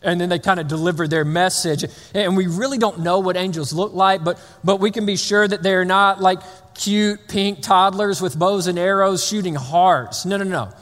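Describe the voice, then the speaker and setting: A man with a notably high voice delivers a sermon, talking loosely and conversationally with lots of restarts and playful asides. His voice rings out with a long reverb, as if he is in a large hall. The delivery is animated and informal rather than formal preaching. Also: normal speed. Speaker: pastor.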